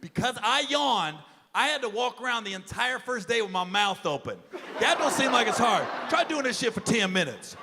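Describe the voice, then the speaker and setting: A man's voice: very high-pitched, very animated, moderate pace, creaky, noisy background. A man doing stand-up, telling a long story in a loose, profane way and acting out the voices of the people in it. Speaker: stand-up comedian. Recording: live stage, large hall with crowd laughter. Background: audience laughing.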